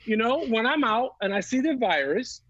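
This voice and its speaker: A man in his thirties performs stand-up comedy over a video call, his voice high, bright and bouncing widely in pitch. He tells loose, profane stories and laughs between the jokes. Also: sing-song, normal speed, no echo, muffled recording. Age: 30s. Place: home, on a couch.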